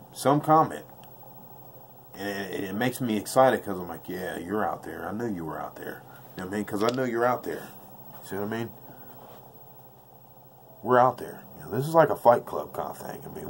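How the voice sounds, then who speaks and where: A lowish male voice talks through a craps throw in loose, slangy, repetitive chat. He is blunt and intense, with a faint hum of room noise behind him. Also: expressive, moderate pace, pauses often. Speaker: craps dice-control instructor. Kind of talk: casual tabletop tutorial. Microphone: off-camera voice, face never shown.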